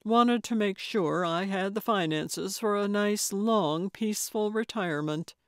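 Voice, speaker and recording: A woman voicing a shy, gentle retired man in his later years, speaking softly and hesitantly in an audiobook. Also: medium pitch, unhurried, no echo, clean studio sound, close to an everyday voice. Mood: plain. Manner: soft, hesitant, wondering. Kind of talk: audiobook character voice.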